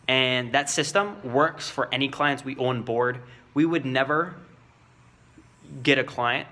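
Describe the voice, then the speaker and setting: A man's voice: medium pitch, sharp tone, a little hiss or hum. A man talking casually to his viewers in a vlog and coaching them on sales in a loose, chatty way, full of fillers. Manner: coaching, talks straight to viewers. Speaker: vlogger giving sales advice.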